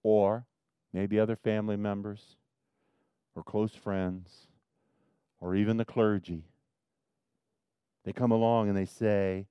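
A man preaching a sermon as pastor, swinging from loud emphasis to quiet asides. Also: on the low side, level tone, slow, long pauses, clear, resonant tone, dry recording, highs cut off.

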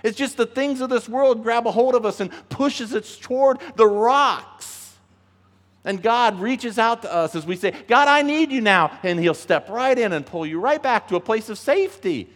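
High-voiced preacher man, echoing hall. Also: normal speed. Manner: emphatic, acts out quoted voices, rises in pitch when pleading. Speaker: pastor. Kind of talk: sermon. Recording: long reverb of a large hall.

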